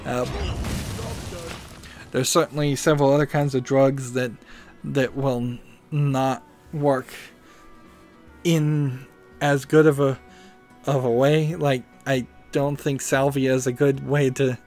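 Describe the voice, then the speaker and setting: A man's voice: medium pitch, flat delivery, takes it slowly, pauses often, darkish tone, soft background music. A man hosting a gaming video, musing and rambling as he thinks aloud while playing.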